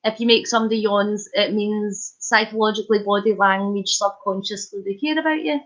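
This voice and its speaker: A Scottish woman from Scotland hosting a live stream, chatting playfully with viewers and telling animated stories. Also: medium pitch, brisk. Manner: chatty and playful, reads comments aloud, animated storytelling. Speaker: livestream host. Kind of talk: casual live-stream chat. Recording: dull lo-fi stream audio.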